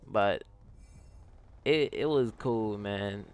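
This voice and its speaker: A man's voice: lowish voice, normal speed, vocal fry. A young man telling a casual storytime on his gaming channel, rambling and slangy with lots of "like" and "yo".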